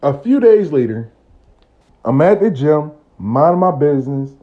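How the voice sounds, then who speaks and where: A man's voice: on the high side, very animated, a little slow. Brief: casual male storyteller, swears freely, acts out dialogue, lo-fi sound. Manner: profane, conversational, acts out dialogue.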